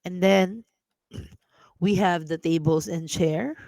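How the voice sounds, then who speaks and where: A woman with a Filipino accent teaching a casual language lesson, drilling words slowly and mixing English with Tagalog. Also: fairly low pitch, darkish tone, no room sound. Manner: clears throat often.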